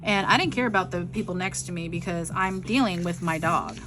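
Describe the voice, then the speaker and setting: A woman's voice: on the low side, brisk, music in the background. A middle-aged woman telling a rambling, frustrated story in a casual vlog, full of likes and ums. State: frustrated, near tears. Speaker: vlogger.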